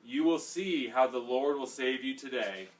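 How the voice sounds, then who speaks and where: A man's voice: mid-range voice, moderate pace, voice pushed up, natural voice. A man reading Moses' reassuring words to the people, in a plain, raised reading voice. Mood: emphatic. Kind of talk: scripture read aloud. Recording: distant mic, faint background noise.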